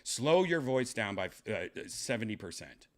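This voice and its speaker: A man hosting a podcast in a deadpan, trolling manner, mumbling with drawn-out fillers and muttered asides. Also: lowish voice. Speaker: podcast host. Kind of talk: casual chat, deadpan trolling.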